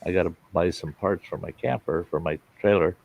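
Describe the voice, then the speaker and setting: On a live stream with dull lo-fi audio, a man with a deep, steady, brisk voice and some vocal fry chats casually with viewers. He's the host, telling rambling folksy stories and acting out what people said.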